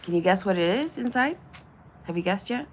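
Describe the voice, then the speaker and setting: A woman's voice: mid-range voice, expressive, a little fast, slight background noise. A woman hosting a casual livestream, chatty, swearing freely, cooing over small objects and sometimes dropping into a whisper. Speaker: livestream host.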